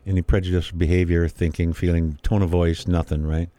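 Deep-voiced chatty man storyteller. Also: flat delivery, a little fast, dark tone, no room sound. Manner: chatty storyteller, acts out quoted voices with laughs. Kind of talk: casual conversation.

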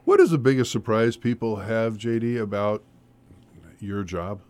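A man's voice: fairly low pitch, measured pace, a little mellow. A man hosting a local radio interview in a casual, jokey and chatty manner. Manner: jokey, chatty, laughs often. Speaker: radio host.

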